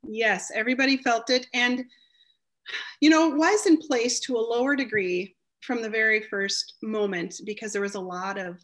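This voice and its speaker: Animated woman telling her story. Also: fairly high pitch, moderate pace. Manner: animated storyteller, acts out coworkers' voices. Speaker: guest. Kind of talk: casual interview conversation.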